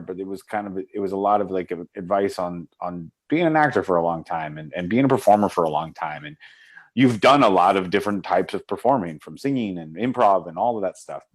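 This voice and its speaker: A man with a somewhat low voice hosts a casual interview. He asks his questions haltingly, full of fillers and restarts. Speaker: podcast host.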